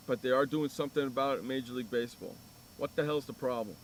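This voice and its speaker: A man's voice: medium pitch, fast talker, slight background noise. A man hosting a sports radio show, telling a profane, ranting story in casual chat.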